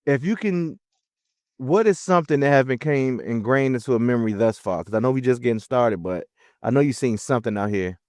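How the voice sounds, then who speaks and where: A man co-hosts a trucking podcast in a relaxed, easygoing manner. His mid-range voice is recorded close and dry. He talks casually, with a few fillers along the way. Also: mid-range voice, fairly quick, dry recording. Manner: laid-back, relaxed, many fillers. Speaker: podcast co-host, truck driver. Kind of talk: casual chat.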